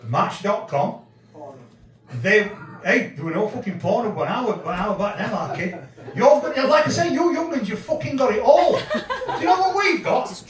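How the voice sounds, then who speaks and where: A man in his fifties with a Yorkshire accent, doing a sweary, deadpan stand-up set in a small pub room. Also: sits high, reverberant, distant mic, rough recording. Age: 50s. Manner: crude, swearing, deadpan storytelling. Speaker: stand-up comedian. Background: audience laughter.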